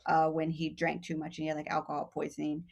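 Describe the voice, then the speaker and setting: A woman's voice: low voice, fast, gravelly. A woman from Texas, a podcast guest, telling a long story in casual chat, acting out the voices of the people in it and laughing often. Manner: animated, acts out quoted voices, laughs often.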